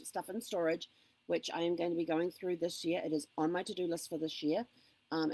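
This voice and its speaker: A New woman chats into her phone on a casual live stream, upbeat and rambling with plenty of ums. Her voice sits a little low with a gravelly edge. The sound is close and dry, with no room around it. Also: a little mellow, no echo. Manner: chatty, upbeat, with frequent ums and asides. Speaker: vlogger.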